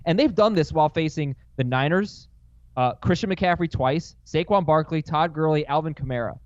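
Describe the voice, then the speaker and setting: A man hosting a casual sports chat show in a studio, quick and questioning as he steers his panel. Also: a little high, dry recording, dull audio. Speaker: show host.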